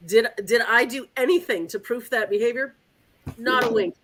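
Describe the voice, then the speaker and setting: A woman's voice: on the high side, normal speed. A woman dog trainer hosting a casual chat, telling stories animatedly and acting out her dog's thoughts. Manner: animated storyteller, acts out her dog's voice with giggles. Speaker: dog trainer and podcast host.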